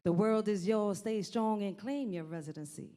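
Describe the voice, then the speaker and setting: A woman's voice: mid-range voice, moderate pace, dark tone. A woman performing spoken word poetry in a rhythmic, rhyming delivery.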